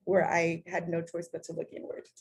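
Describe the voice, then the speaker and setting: A woman's voice: on the low side, completely flat delivery, normal speed, creaky, slightly rough. A middle-aged woman talking candidly as an interview guest, swearing casually and acting out her own past words. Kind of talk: casual conversation.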